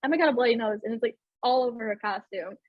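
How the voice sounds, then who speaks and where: Young woman podcast host chatting away, kinda breathy, dry close sound. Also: a little high, quick pace, dry recording, muffled recording. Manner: chatty, lots of fillers and laughs. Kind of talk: casual chat.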